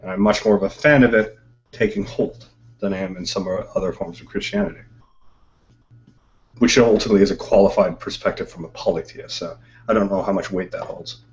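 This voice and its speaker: Male host of an online chat, low voice, talks at length, muffled web-call sound. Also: brisk. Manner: articulate, explains at length. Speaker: host of an online discussion group. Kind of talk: casual group video chat. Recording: dull lo-fi web call audio.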